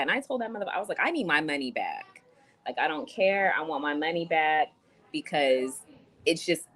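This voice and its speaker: A woman's voice: low-pitched, low-quality recording. A young adult woman venting in a casual livestream, chatty and swearing as she reads chat comments. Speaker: vlogger on a livestream.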